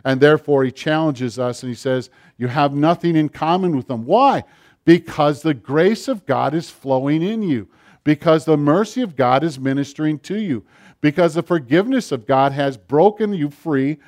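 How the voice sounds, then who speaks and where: A middle-aged man preaching a sermon, rising to loud passages and dropping to near-whispers. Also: on the high side. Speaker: pastor.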